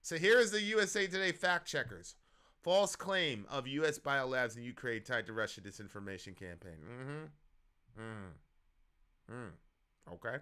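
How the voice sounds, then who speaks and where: A man hosting a political stream, ranting loosely in slang with sudden loud outbursts. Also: medium pitch, lively intonation, fairly quick, clear, resonant tone. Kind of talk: casual political commentary.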